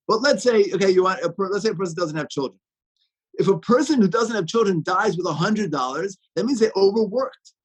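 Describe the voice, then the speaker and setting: A rabbi hosting a podcast, teaching in a casual, storytelling way with lots of restarts. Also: male voice, high voice, breathy edge, poor audio. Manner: storytelling, many restarts, warm enthusiasm.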